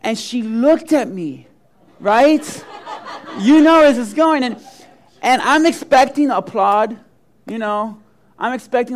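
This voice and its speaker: A man's voice: slow pace, pauses often. A middle-aged male pastor preaching a sermon, telling funny personal stories and acting out the quotes with big swings in voice. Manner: animated storyteller, acts out quotes with big swings of pitch and loudness.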